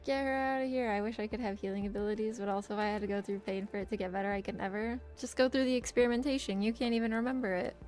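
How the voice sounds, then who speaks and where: A woman's voice: medium pitch, little pitch movement, rapid-fire, hardly any pauses, a little mellow, faint music behind. A woman streaming a game, breaking from the story to make sarcastic, profane comments at home. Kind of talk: casual gameplay commentary.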